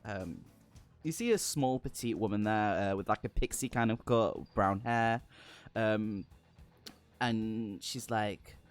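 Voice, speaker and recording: A man running a tabletop game as game master, narrating in a relaxed, rambling way. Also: lowish voice, slow, smooth, soft background music. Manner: relaxed, many fillers and restarts.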